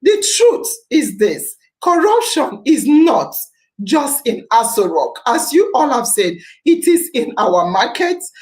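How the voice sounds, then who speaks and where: A woman's voice: high voice, big pitch swings, slow pace, a little mellow, roomy sound, rough recording. A Nigerian woman hosting a podcast, giving an impassioned civic talk, repeating phrases for emphasis and slipping into Pidgin. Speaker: podcast host.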